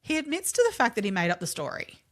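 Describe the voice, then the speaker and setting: Speaking fast, with a fairly high voice that swings widely in pitch, this podcast co-host tells a true-crime tale. She keeps it casual and conversational, dropping plenty of "like" fillers and offhand curse words.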